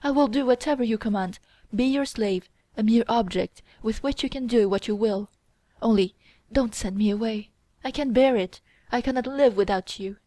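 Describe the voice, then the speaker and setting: A woman's voice: mid-range voice, fairly even intonation, measured pace, darkish tone, no echo, close to an everyday voice. Desperate, lovesick young man voiced by a woman, pleading, emotional, dry close recording. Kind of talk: audiobook character reading.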